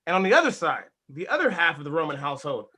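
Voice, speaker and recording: A man hosting a casual sports podcast, hyped and energetic, swearing casually as he talks. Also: a little high, fast. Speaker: podcast host.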